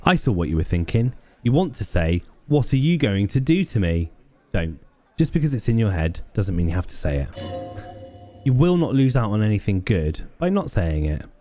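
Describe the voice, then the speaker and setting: A man's voice: on the low side, sing-song, moderate pace, dark tone, no room sound, faint music behind. A man streaming a story game, reading its text aloud and making wry, jokey asides. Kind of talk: let's play commentary and reading.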